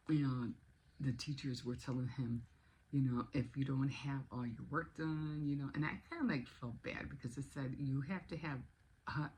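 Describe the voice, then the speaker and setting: A woman's voice: sits low, a little mellow, slight background noise, low-quality recording. A woman in her sixties chatting casually in a vlog, rambling along with many restarts. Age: 60s. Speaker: vlogger. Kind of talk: casual chat.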